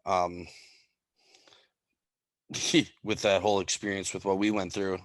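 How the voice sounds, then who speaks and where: A young man with a Wisconsin accent and a low voice hosts a casual podcast. His sentences run loose and easygoing. The sound is dry and close. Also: little pitch movement, takes it slowly, dry recording. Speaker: podcast co-host. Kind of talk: casual interview chat.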